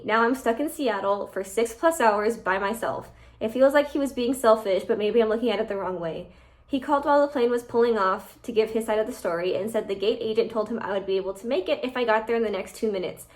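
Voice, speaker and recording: A woman reading online posts aloud and reacting to them in casual, animated commentary as a channel host. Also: fairly high pitch.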